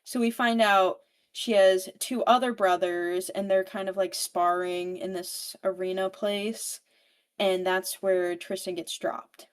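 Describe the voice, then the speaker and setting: A young woman co-hosting a book podcast, recapping a novel's plot in a casual, animated, profane way. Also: mid-range voice, unhurried.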